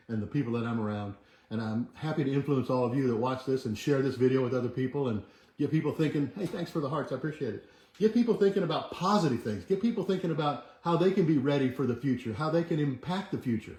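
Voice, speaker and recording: A man's voice: medium pitch, darkish tone. A man hosting a motivational livestream, earnestly coaching viewers and urging them to chant affirmations with him. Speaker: host. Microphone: camera mic, moves back from it. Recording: echoey room.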